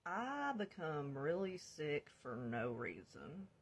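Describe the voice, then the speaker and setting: Woman, husky breathy voice, blunt profane storytime vlogger, confessional. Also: low-pitched, big pitch swings, slow pace. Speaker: vlogger telling her life story. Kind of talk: candid storytime.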